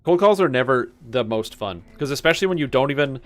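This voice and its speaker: A man's voice: mid-range voice, expressive, fast talker. A young man streaming a game, chatting casually and rambling through stories. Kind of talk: casual chat while gaming. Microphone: webcam-streaming setup.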